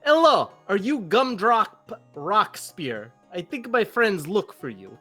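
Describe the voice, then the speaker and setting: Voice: medium pitch, sing-song, takes it slowly, fairly bright tone, soft background music, heavily acted. A player voicing a huge character who speaks in broken, simple phrases during a tabletop game. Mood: earnest. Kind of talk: tabletop role-play voice.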